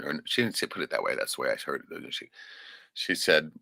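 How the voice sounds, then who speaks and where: Deep, lively, bright-voiced rambling man. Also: fast talker, gravelly, no room sound. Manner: rambling and profane, often tags lines with "right?" and chuckles. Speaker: storyteller. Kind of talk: casual personal storytelling monologue.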